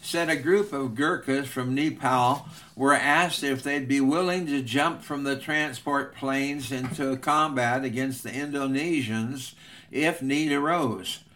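A male preacher telling an illustration in a sermon, with measured, earnest narration. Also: medium pitch, a bit bright. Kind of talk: sermon storytelling.

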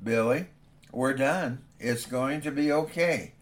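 A man voicing a patient father speaking in a low, quiet, soothing way. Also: slow, lightly acted. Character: patient dad calming himself, low and quiet.

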